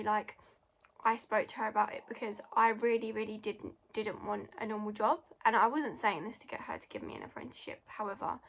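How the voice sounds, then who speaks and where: In a casual Q&A vlog, a young adult degree apprentice talks chattily, leaning heavily on fillers like "like" and "literally," and says she's losing her voice. Her mid-range voice is gravelly, with slight background noise.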